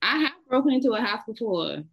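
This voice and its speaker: A woman's voice: a little high, very animated, quick pace, creaky, slightly rough, highs cut off. A woman with a Southern US accent, co-hosting a casual chat and telling bold, blunt stories. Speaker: podcast co-host.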